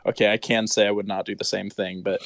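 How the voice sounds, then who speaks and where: A man's voice: lowish voice, little pitch movement, fast, vocal fry, no room sound. A young man co-hosting a podcast in casual chat, cracking teasing jokes. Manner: joking, teasing. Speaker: podcast co-host.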